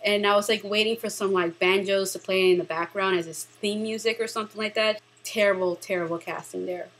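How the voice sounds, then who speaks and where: A woman's voice: medium pitch, fairly even intonation, a little fast, fairly bright tone, a little hiss or hum, low-quality recording. A woman hosting a casual movie review vlog, talking in a chatty, rambling, sarcastic way.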